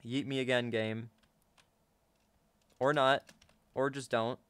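A young man casually commenting on his own gameplay to viewers, excitable and chatty, often gasping and laughing. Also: mid-range voice, slow pace, clean tone. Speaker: gaming YouTuber.

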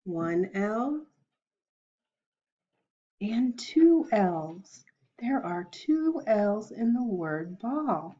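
A woman teaching an online preschool lesson, slow and cheerful, with sing-song praise for young children. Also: medium pitch, big pitch swings, mellow, muffled recording.

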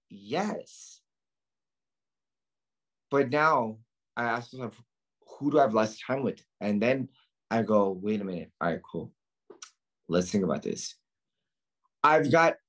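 A man teaches nursing students in a slow, deliberate lecture with heavy emphasis. His voice is slightly husky. He keeps asking his listeners questions and then answers them himself. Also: fairly low pitch, a bit bright. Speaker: nursing exam tutor.

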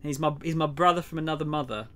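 A man's voice: fairly high pitch, fast. Chatty young male game streamer. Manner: chatty, greets viewers, drops to a quiet mutter while solving puzzles. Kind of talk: casual live-stream chat while gaming.

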